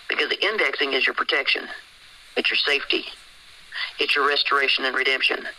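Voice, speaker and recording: A man's voice: medium pitch, bright, forceful tone, poor audio. A man hosting a call, pressing listeners with rhetorical questions in an insistent tone. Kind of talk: sermon-style call talk.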